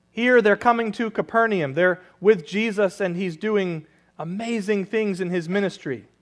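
A man preaching a sermon, reading a rhyming children's story aloud before turning to conversational teaching. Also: high voice. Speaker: pastor.

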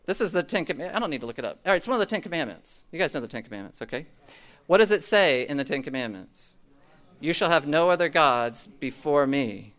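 A man's voice: mid-range voice, a bit bright. A middle-aged man preaching a conversational sermon, teaching from scripture and often checking in with "okay?". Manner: conversational, frequent "okay?" check-ins, asides to the congregation. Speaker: pastor.

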